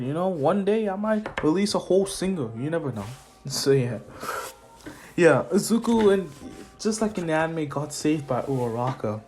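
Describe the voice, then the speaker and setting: A young man hosting his own channel and retelling a fan story off the cuff. He rambles in a laid-back, jokey way. His pitch is lively and moves around a lot. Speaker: channel host. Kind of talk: casual fan-story narration.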